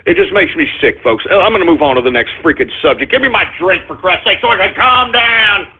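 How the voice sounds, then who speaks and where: A man's voice: sits high, expressive, brisk, husky. A man hosting a political talk radio show, ranting angrily and swearing often. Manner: angry, profane, ranting. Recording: narrow phone-like lo-fi sound.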